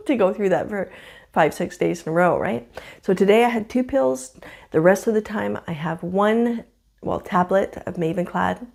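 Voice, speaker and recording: A woman in her fifties talking candidly to camera at home in a casual vlog, with a slightly rough morning voice and frequent laughs. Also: lowish voice, darkish tone. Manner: chatty and candid, laughs often. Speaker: vlogger. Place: home, indoors.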